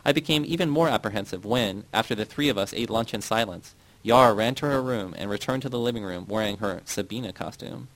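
A man narrating a novel in the first person, reading in a steady, measured way. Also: fairly low pitch, poor audio. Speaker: audiobook narrator.

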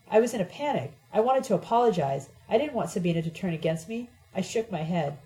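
A woman's voice: medium pitch, lively intonation, fast talker, few pauses, mellow, poor audio. A woman narrating a novel in the first person, reading in an intimate, reflective way. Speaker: audiobook narrator.

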